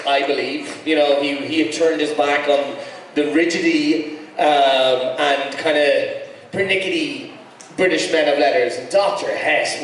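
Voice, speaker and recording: A man's voice: on the high side, a little hiss or hum. An Irish man chatting with fans in a casual panel Q&A and rambling through many restarts and fillers. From Ireland. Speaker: actor on a convention panel. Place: large convention hall with audience. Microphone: handheld mic recorded from the audience by a camera. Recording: echoey hall, camera far from stage.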